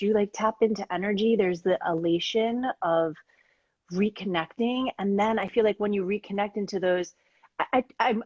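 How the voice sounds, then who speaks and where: Host, woman, low-pitched, chatty with filler words, on a video call with dull lo-fi dry sound. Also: husky, no room sound. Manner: bubbly, frequent "like" and "um" fillers. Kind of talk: live-streamed casual interview.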